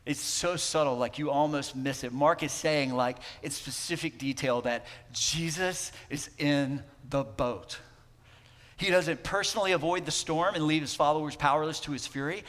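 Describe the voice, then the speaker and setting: A man preaching a sermon as pastor, talking conversationally and swinging between emphatic lines and hushed ones. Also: a little high, moderate pace, hardly any pauses, big-room sound. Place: church sanctuary.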